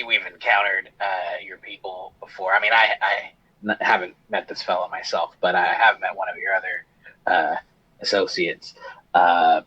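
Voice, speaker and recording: Man, tabletop player, hesitant, polite, husky, low, dull lo-fi mic. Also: little pitch movement, moderate pace, pushed and bright. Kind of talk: casual tabletop play.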